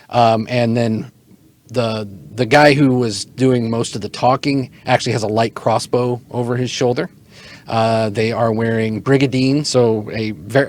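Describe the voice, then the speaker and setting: A man narrating as game master of an online tabletop game, halting and relaxed, with lots of fillers. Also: mid-range voice.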